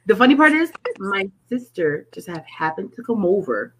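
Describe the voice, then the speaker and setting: Woman from Connecticut, guest, animated storytelling, casual chat. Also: medium pitch, moderate pace, heavy background noise. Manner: animated storyteller who acts out quotes.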